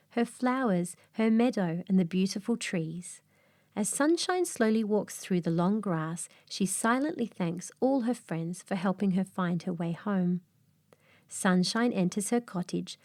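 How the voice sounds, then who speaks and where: A woman narrating a calm bedtime fairy tale in a soft, slow, soothing way, sometimes dropping to a whisper. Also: mid-range voice, dry recording, studio quality. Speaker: storyteller.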